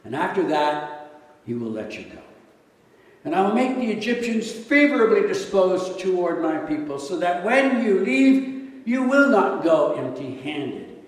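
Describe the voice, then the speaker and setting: A man delivers a sermon in a relaxed, conversational way, often checking in with rhetorical questions. His voice sits a little high for a man. It reaches the microphone from some distance, with heavy echo and a long reverb from a large church hall. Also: measured pace. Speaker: pastor. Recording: echoey hall, mic at a distance.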